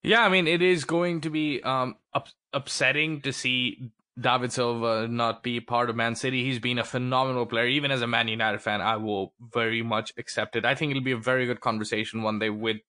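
Bright-voiced man hosting a football review. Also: mid-range voice, steady tone, a little fast, no room sound, studio quality. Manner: leads the segments, filler-heavy, occasionally crude. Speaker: podcast co-host, football fan. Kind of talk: casual sports podcast review.

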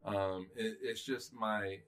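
A man with a somewhat low voice chats as a podcast co-host. He talks in an opinionated, halting way, stopping and restarting his sentences and letting out the odd sigh. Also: steady tone, fairly bright tone. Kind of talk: casual chat.

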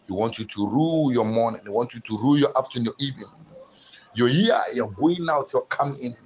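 A man preaching a sermon, building rhythmic repeated phrases that swell into loud, fervent peaks. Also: lowish voice, muffled recording, slight background noise. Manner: rhythmic repetition with sudden swells.

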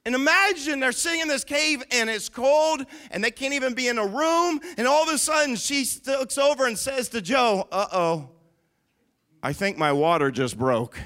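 A pastor preaching a sermon, emphatic, asking the listeners questions and swinging between hushed and loud. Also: male voice, extremely high pitch, normal speed, few pauses.

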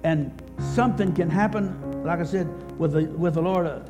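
A slightly high voice comes from a middle-aged male pastor preaching at a church service, with music playing in the background. He tells his story haltingly and often repeats words.

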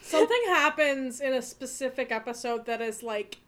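A woman's voice: high-pitched, normal speed, a bit bright. A young woman chatting casually as a co-host, reacting expressively with frequent laughter. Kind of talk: casual chat.

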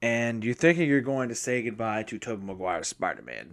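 A man's voice: fairly low pitch, brisk, few pauses. A man talking casually as a podcast host, going over a film from memory. His delivery rambles, with frequent restarts and self-corrections. He apologizes now and then for jumping around. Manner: speaks from memory, apologetic and excitable. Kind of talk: casual spoken movie recap.

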